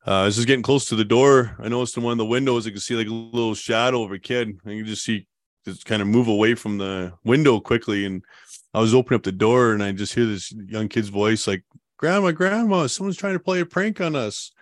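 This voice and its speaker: A man guest telling his story in a casual interview, rambling and relaxed, with lots of fillers and laughs. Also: lowish voice, brisk, dry recording, clean studio sound.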